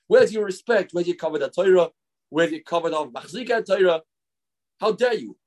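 A man voicing an arrogant, quick-tempered pious man who indignantly shouts outraged questions. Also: sits high, lively intonation, pitched above the performer's own voice.

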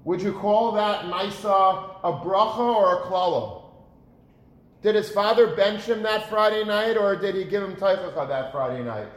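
A man's voice: high-pitched, moderate pace. A man giving an earnest sermon, asking rhetorical questions and repeating words for emphasis. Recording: roomy echo.

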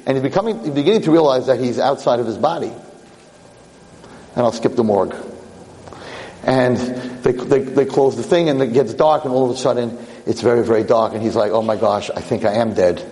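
A man preaching a story in an animated way, circling back over his phrases. He talks fast at a middling pitch, and a long reverb rings through the hall. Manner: animated, repetitive. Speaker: lecturer. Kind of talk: storytelling sermon.

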